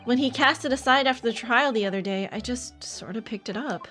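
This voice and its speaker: A woman's voice: a little high, brisk, fairly bright tone, soft background music, lightly acted. A woman reading an earnest young law student.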